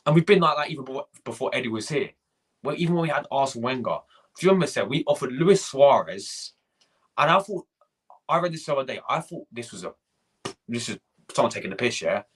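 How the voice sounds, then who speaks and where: A man's voice: medium pitch, animated, fast talker, breathy edge. A young man hosting a fan live stream, ranting, swearing and repeating himself while greeting viewers from the chat. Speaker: fan channel host.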